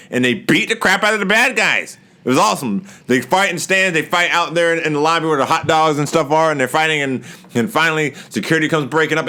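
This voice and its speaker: A man giving a casual wrestling show recap, animated, often laughing and acting out wrestlers' lines in raised voices. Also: lowish voice.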